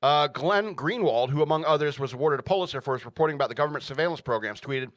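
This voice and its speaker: A man's voice: fairly high pitch, expressive, quick pace, fairly bright tone, no room sound, clean studio sound. A man hosting a radio show, ranting through the news with sarcastic, mocking asides and frequent laughter.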